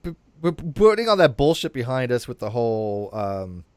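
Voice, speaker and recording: A man hosting a casual panel chat, animated, often repeating himself and restarting his sentences. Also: medium pitch, normal speed, smooth, no room sound. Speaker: show host.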